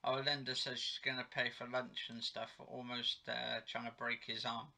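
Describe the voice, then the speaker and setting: A man's voice: medium pitch, flat delivery, moderate pace, creaky, bright, forceful tone. A man in his own home giving a rambling, chatty recap of a TV episode, correcting himself as he goes. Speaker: TV episode reviewer. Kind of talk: casual home recap vlog. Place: home living room.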